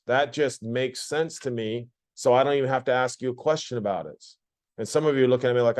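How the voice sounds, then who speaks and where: A math teacher gives a geometry lecture in class, plainspoken and repetitive, frequently asking the students questions. His voice is mid-range with a darkish tone and a fairly quick pace.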